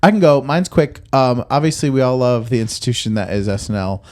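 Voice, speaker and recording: A man's voice: medium pitch, animated, a little fast, a little mellow. A man hosting a comedy podcast, chatting casually with restarts and tangents. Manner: rambling, trailing off into restarts. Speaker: podcast host.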